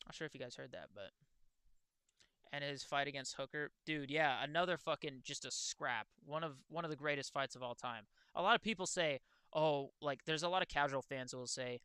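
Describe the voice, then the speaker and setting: Excitable young man, bright and crisp. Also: medium pitch, fairly quick, dry recording. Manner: excitable, swears freely, talks to chat. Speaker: streamer. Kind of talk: casual livestream chat.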